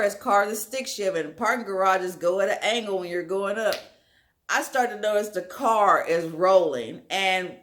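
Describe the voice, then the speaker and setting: A young woman telling a wild story in a casual storytime vlog, animated and full of filler words. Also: medium pitch. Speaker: storyteller, channel host.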